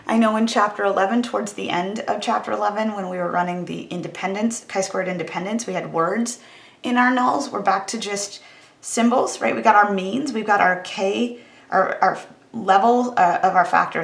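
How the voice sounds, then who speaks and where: A woman's voice: medium pitch, moderate pace, creaky, roomy sound. A woman statistics teacher giving a recorded math lecture in a casual, conversational way, wry about the tedious calculations.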